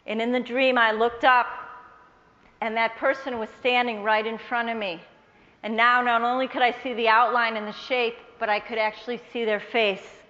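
A woman telling a personal faith testimony to an audience, earnest and measured, quoting the people in her story. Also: on the high side, flat delivery, sharp tone, in a large hall, dull audio. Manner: earnest, measured storyteller who quotes others in her tale.

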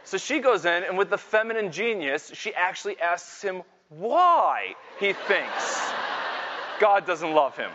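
A middle-aged Catholic speaker and Scripture teacher delivers an energetic faith talk to a packed hall, telling self-deprecating stories that build to loud exclamations at a measured pace. His voice is fairly high for a man and carries a long reverb through the large space. The audio is muffled and lo-fi, with a noisy background.

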